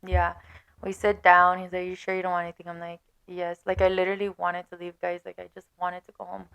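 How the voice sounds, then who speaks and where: A young woman vlogger telling a dating story in casual chat, animated and swearing, laughing often. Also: fairly low pitch, fast, gravelly, smooth, dry recording.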